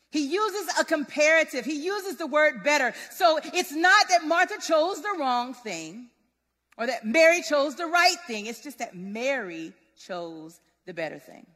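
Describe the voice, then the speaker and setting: A woman preaching a sermon in a lively, conversational, relatable way. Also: high voice. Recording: long hall reverb.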